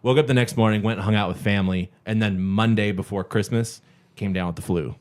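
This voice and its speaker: A man co-hosting a podcast, telling stories in casual chat and acting out quotes with loud outbursts and laughter. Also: fairly low pitch, fairly quick. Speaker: podcast co-host.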